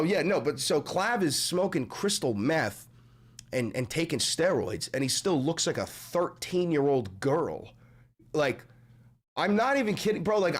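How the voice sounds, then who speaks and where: A young man live-streaming in casual, profane chat, his voice deepened after a sickness, rambling and swinging from mumbles to shouting. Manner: animated, rambling, swears a lot, swings from mumbling to yelling.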